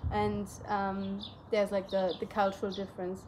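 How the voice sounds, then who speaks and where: A woman's voice: medium pitch, monotone, moderate pace, background noise. A young woman whose first language is German, chatting casually and rambling with many fillers. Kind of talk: casual chat.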